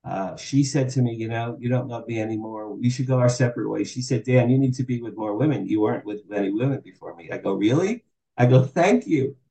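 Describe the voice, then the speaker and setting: Man, 60s, podcast guest. Animated storyteller, dark mellow tone, echoey room. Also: mid-range voice, fast talker, creaky, few pauses. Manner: animated, acts out quoted dialogue. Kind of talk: candid storytelling interview.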